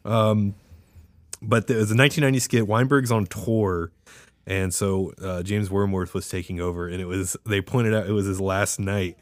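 A man's voice: lowish voice, steady tone, moderate pace, no echo. A man co-hosting a casual podcast, rambling and laughing as he retells a comedy sketch in quoted voices. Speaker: podcast co-host. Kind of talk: casual chat.

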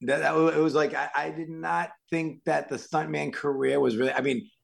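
A man from Massachusetts, a stuntman and actor, telling lively stories as an interview guest and acting out the quotes. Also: fairly high pitch, normal speed, vocal fry. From Worcester, Massachusetts. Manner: lively anecdotes full of acted-out quotes. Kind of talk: casual interview storytelling.

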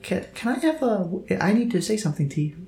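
Guy doing a sweet-voiced quiet killer, cold and soft, echoey room. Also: sits high, sing-song, fast, soft background music, voice pushed up. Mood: quietly menacing. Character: soft-spoken, coldly vengeful man. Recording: roomy echo.

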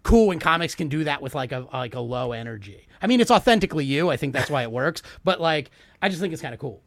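A man's voice: a little high, expressive, fast, vocal fry, no room sound, studio quality. A middle-aged man from the Philadelphia area co-hosting a comedy podcast, telling stories animatedly and swearing freely. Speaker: podcast co-host. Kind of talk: casual podcast chat.

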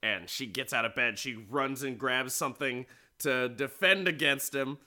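A man with a very bright, sharp voice retells a film plot in a loose, casual way. His storytelling is animated and full of fillers, and his pitch sits at a middling level for a man. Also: unhurried. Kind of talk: casual movie plot recap.

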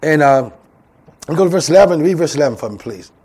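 A man's voice: fairly high pitch, expressive, fast, a little mellow, breathy edge. A man preaching a sermon as pastor, calling out to the congregation and acting out voices. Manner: call-and-response preaching, acts out voices. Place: church.

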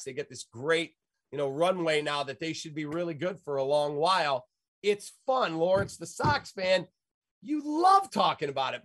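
A middle-aged man with a slightly raised pitch tells stories like the radio host he is, emphatic and folksy, wandering from point to point. The sound is dry and close, with no room around it. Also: fairly bright tone, no echo. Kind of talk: animated storytelling in an interview.

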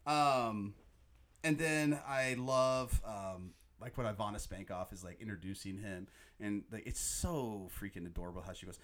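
A man hosting a podcast, chatting casually and excitedly about a movie, often quoting its lines. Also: on the low side, moderate pace. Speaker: podcast host.

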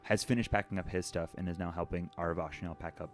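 A man narrating as game master of a tabletop game, relaxed and laughing easily with his players. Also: low-pitched, fast talker, faint music behind.

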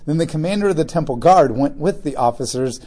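A man's voice: on the high side, expressive, fast, mellow. A man reading a Bible passage aloud and stopping to explain it in casual, joking asides. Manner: reads scripture aloud, then comments casually with humor. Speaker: Bible teacher.

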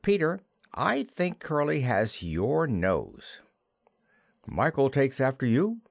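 A man's voice: mid-range voice, very animated, takes it slowly, vocal fry, no room sound, studio quality, voice pushed up, full character voice. A man voicing a prim, motherly young girl who talks in a earnest, lightly scolding way.

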